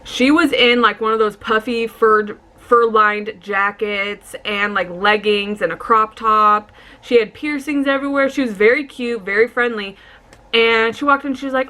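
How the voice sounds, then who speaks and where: A young adult woman vlogger telling a casual storytime, animated and swearing, acting out what people said. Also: a little high, normal speed.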